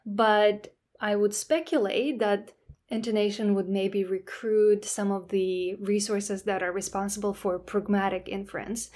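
A woman who is a native Russian speaker, a podcast guest explaining language and the brain in a relaxed way, with many "you know" fillers. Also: mid-range voice, unhurried. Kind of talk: casual podcast interview.

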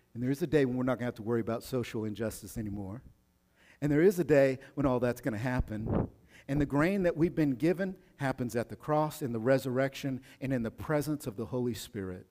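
A man's voice: medium pitch, darkish tone, big-room sound. A male pastor preaching a sermon in a casual, slangy way, sometimes acting out the people he talks about.

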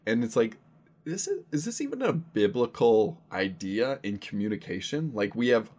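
A man's voice: medium pitch, sing-song, moderate pace, darkish tone. A man, a pastor, talking earnestly and casually in an interview. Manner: earnest, conversational, thinks aloud.

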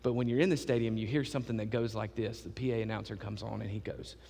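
A man preaching a sermon, telling a lively, joking story to his church. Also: lowish voice, quick pace, creaky, big-room sound.

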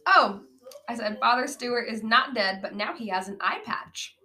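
A woman's voice: fairly high pitch, normal speed, sharp tone, a little hiss or hum, poor audio. A woman co-hosting a casual podcast, rambling through a bad movie's plot with many fillers and frequent laughs. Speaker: podcast co-host. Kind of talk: casual movie-riffing chat.

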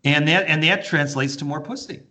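A man's voice: fairly high pitch, normal speed, sharp tone. A man co-hosting a podcast in casual chat, candid and reflective, swearing casually. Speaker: podcast co-host.

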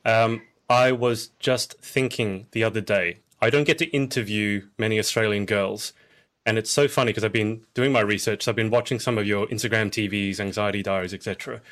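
A man's voice: on the low side, fairly even intonation, fairly quick, fairly bright tone. Friendly curious male podcast host. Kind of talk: casual interview conversation.

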